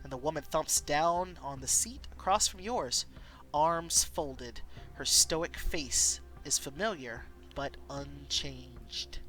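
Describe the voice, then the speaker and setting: Woman streamer reading a story game out loud, bright voice, jumpy and excitable, music under her. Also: low-pitched, takes it slowly. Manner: excitable, exclaiming often. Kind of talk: reading an interactive story game aloud with viewer votes.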